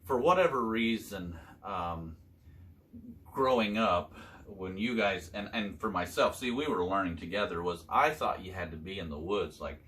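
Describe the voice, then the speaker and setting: An older man telling his son hunting stories from years back, in a halting, casual way with many fillers. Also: low-pitched, a bit bright. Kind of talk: casual storytelling chat.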